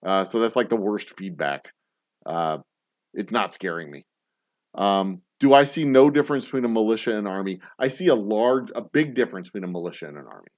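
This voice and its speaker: Speaking fairly quickly in a low, animated, slightly mellow voice, this man runs a distillery and hosts a whiskey show. He responds to viewer comments in a loose livestream chat, rambling, blunt, cursing freely and chuckling a lot. The highs in the audio are cut off.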